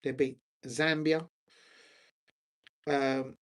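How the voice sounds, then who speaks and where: A man's voice: mid-range voice, level tone, very slow. A man hosting a football chat on his own, rambling and hesitant, full of ums and restarts while he searches his notes. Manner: scattered, searching through notes while talking. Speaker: football watch-along host.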